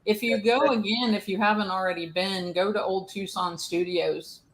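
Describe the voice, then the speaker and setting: A guest in a casual chat, giving relaxed, laughing replies. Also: medium pitch, moderate pace.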